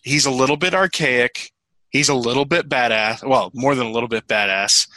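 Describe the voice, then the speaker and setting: Bright-voiced man in casual chat. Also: medium pitch, normal speed, no echo, low-quality recording. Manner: animated, profane, rambling with restarts. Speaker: podcast co-host.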